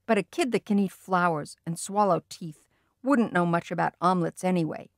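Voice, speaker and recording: A woman narrating a children's storybook in a lively, expressive way. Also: fairly low pitch, moderate pace, no room sound, clean studio sound. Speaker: audiobook reader.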